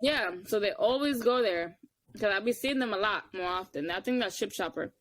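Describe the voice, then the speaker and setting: This young woman, a podcast co-host, talks fairly quickly in a relaxed chat, spinning animated stories. She voices the quotes with sharp pitch swings, and the audio has no echo.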